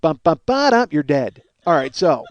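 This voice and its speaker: A middle-aged Chicago-area man hosts a comedy podcast, telling rambling, profane, self-mocking stories and voicing the other characters himself. His slightly higher-than-average voice swings widely in pitch at a moderate pace. The lo-fi sound is dry and close, with no room echo.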